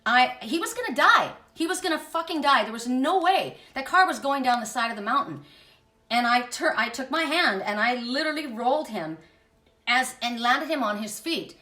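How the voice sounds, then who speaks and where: A woman's voice: high voice, expressive, normal speed, sharp tone, echoey room, distant mic. A woman giving an impassioned spiritual monologue as host, emphatic and blunt, swearing freely.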